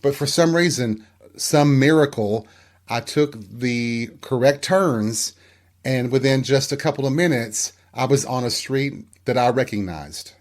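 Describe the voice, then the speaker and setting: A man's voice: mid-range voice, a little slow. A middle-aged man hosting his own show, telling a candid personal story in a self-deprecating, conversational way. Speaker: podcast host.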